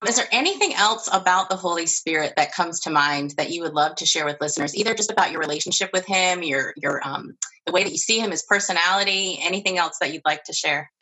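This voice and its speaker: A woman hosting a faith podcast, telling stories in a lively way and laughing often. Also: on the low side, fast talker, husky, low-quality recording. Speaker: podcast host.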